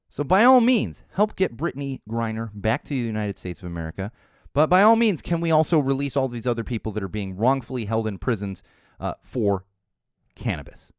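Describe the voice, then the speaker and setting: A man hosting a podcast, giving opinionated political commentary in an animated, ranting way and swearing freely. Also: on the low side, dry recording, clean studio sound. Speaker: podcast host.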